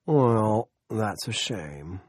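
A man voicing a smug, scheming middle-aged male town politician who speaks slowly and condescendingly. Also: fairly low pitch, expressive, a little mellow, no room sound, studio quality, full character voice. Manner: slow, condescending and self-satisfied.

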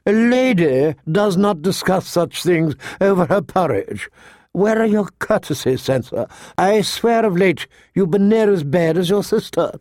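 A man's voice: high voice, animated, a little slow, darkish tone, no echo, studio quality, voice pushed up. A man voicing a stern, prim older woman who governs noble girls, scolding them in an audiobook reading.

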